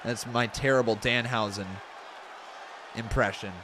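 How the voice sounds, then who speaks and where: A young man casually commentating on a wrestling video game, excitable and jokey. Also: mid-range voice, a little slow, crowd noise, background noise. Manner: excitable, jokey, breaks into chants. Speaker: gaming streamer.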